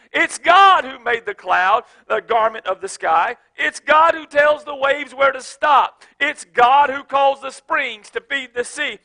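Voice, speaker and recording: A man preaching a sermon as pastor, moving from soft, chatty storytelling with repeated restarts to shouted exhortation. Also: extremely high pitch, gravelly.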